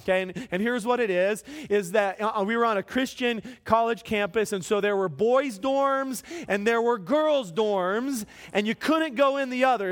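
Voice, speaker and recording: High-voiced man telling a comic sermon story. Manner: animated, self-mocking, repeats words when starting a thought. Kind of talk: storytelling sermon to a live audience.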